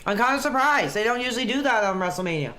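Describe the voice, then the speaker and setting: A man's voice: very high voice, expressive, quick pace, sharp tone. A man chatting casually on a webcam stream, reacting to a wrestling match as he watches along. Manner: laid-back, chatty, reacting to the action.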